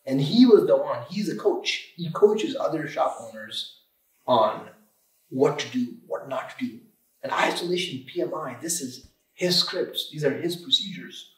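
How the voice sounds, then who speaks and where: A man's voice: a little high, expressive, unhurried. A man in his thirties, an auto shop owner and guest, talking emphatically in a casual podcast interview and repeating himself as he goes. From Michigan, USA. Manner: emphatic, repeats words, restarts often. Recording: roomy room, distant mic.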